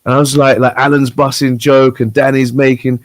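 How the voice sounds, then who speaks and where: A man's voice: medium pitch, little pitch movement, a little fast, no echo. A man, a guest on a chat show, telling a story animatedly and acting out the voices of the people in it. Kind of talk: casual chat.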